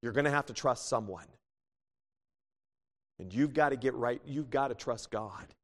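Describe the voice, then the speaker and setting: A male pastor delivers an impassioned sermon, his voice surging up in fervent bursts and then dropping to hushed, tender pleas. His pitch sits in the middle for a man. The sound rings with a long church reverb. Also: normal speed. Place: church sanctuary.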